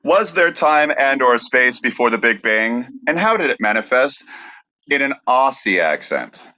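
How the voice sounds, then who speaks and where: A man's voice: medium pitch, big pitch swings, a little slow, sharp tone, no room sound. A man co-hosting a comedy podcast, reading out quiz questions in a dry, matter-of-fact way. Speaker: podcast co-host asking questions. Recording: dry, dull lo-fi sound.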